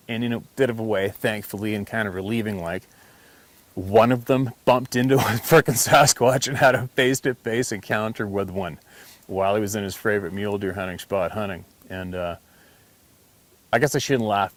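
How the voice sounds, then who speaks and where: Low-voiced man telling a story earnestly. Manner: emphatic, earnest, rambling retelling with restarts. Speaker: hunting channel host. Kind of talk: casual storytelling monologue.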